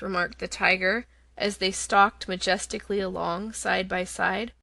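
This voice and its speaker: A woman narrating a children's fantasy audiobook in a measured, expressive storytelling manner. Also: medium pitch, creaky, dry recording.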